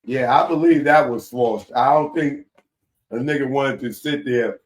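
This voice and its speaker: Slow, exclaiming male commentary host. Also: medium pitch. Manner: loud exclaiming, drawn-out incredulous reactions with laughter. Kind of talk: reacting to a news story.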